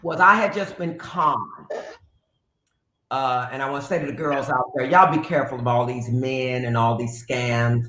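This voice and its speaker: Loud brassy woman guest, cusses, bright punchy voice, echoey room, bit of piano under it. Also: extremely low pitch, moderate pace. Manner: brassy, profane, animated, slides into sung phrases. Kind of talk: casual interview storytelling. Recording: roomy echo with faint piano.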